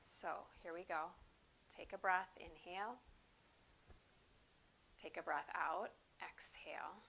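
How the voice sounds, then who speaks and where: A woman teaching a yoga class, calmly cueing breaths and poses at an unhurried pace. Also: on the low side, gravelly, slight background noise. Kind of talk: guided yoga class instruction.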